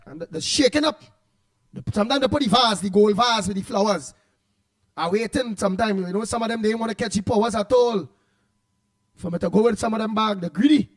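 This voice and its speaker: A Trinidadian man with a high voice hosts a casual morning radio show, talking briskly. He rambles along and calls out listeners' names to greet them.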